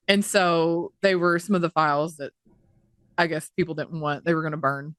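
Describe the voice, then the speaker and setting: A woman's voice: sits low, fairly even intonation, moderate pace, a bit bright, no echo, studio quality. A woman co-hosting a podcast in casual chat, talking indignantly at length and swearing freely. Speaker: podcast co-host.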